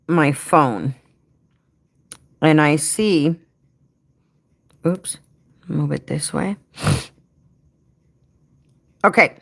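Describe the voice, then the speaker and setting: A woman on a casual livestream, her voice sitting a little low and moving at an unhurried pace. She rambles chattily, speaks straight to her viewers and drops fond asides as she works through her topic. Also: a bit bright. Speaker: livestream host helping home care workers. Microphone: head-mounted rig.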